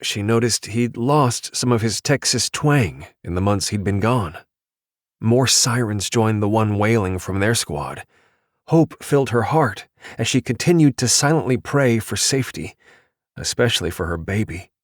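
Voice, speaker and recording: With a voice on the low side, a man reads an audiobook in a measured, even storytelling style. There is no room sound, and the quality is studio-grade.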